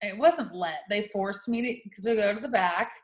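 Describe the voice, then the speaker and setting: A woman's voice: mid-range voice, moderate pace, echoey room. A woman telling a personal story in casual chat, laughing and acting out what people said. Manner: animated, laughing storytelling with voiced quotes.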